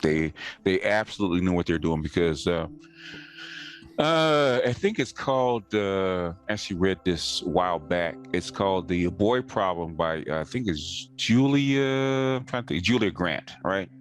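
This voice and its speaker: A man with a very low voice talks in a casual, insistent way, repeating words to drive his points home. Clear music runs under the conversation. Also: lively intonation, normal speed.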